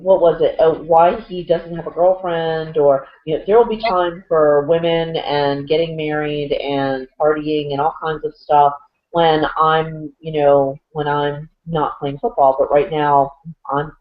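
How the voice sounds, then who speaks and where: A woman's voice: low voice, steady tone, unhurried. A woman co-hosting a casual sports chat, rambling with lots of fillers and restarts. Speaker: co-host. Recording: dull lo-fi audio.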